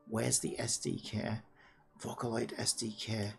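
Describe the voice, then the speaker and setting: A person hosting a casual coding vlog, thinking aloud in an excitable, rambling way, pleading with the computer and sometimes dropping to a muttered whisper. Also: medium pitch, measured pace, gravelly, soft background music. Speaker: hobbyist developer and channel host.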